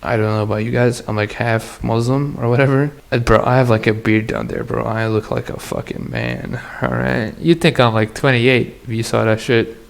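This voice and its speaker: A man hosting a solo podcast, drifting from one thing to the next in loose, crude slang and laughing as he goes. His voice has a gravelly, fried edge and sits at an ordinary middle pitch. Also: fairly even intonation, moderate pace, hardly any pauses. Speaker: podcast host. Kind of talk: casual solo podcast monologue.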